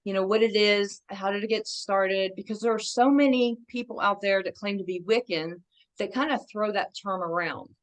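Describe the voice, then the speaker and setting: Woman, talk show host, relaxed, unhurried questions. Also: mid-range voice. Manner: relaxed, hesitant with fillers. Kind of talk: interview questions.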